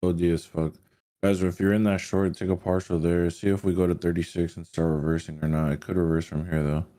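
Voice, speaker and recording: A man's voice: low voice, flat delivery, a little fast, dark tone. A man co-hosting a live trading stream, calling trades in a casual, profane way. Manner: casual, profane, focused on the charts. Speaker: co-host trader.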